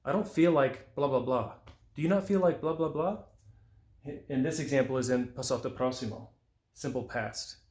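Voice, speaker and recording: A man giving a patient language lesson, slowing down to sound out example phrases. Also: medium pitch, a little mellow. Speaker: Italian language teacher. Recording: roomy echo.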